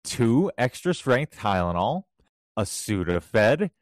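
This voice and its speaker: Podcast cohost dude spinning stories, dry close sound, gets loud doing other people's lines. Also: male voice, medium pitch, slow pace, no room sound. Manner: storytelling, animated when quoting others. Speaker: podcast co-host. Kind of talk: casual podcast chat.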